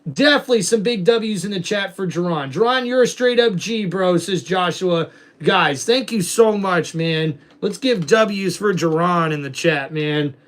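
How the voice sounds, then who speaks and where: A man's voice: high-pitched, a little slow. A man hosting a live stream, chatting casually with viewers in a slangy way and calling wrestling play-by-play. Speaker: livestream host.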